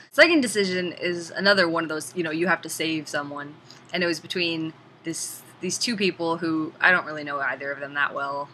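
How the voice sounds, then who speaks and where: A woman casually reviewing a video game in an animated, chatty way, sometimes swearing. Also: low voice, slight background noise, low-quality recording.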